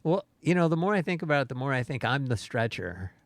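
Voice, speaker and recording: A man's voice: mid-range voice, sing-song, fast, no echo. A man co-hosting a podcast, talking in a casual, reflective and playful way. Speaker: podcast co-host. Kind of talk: casual chat.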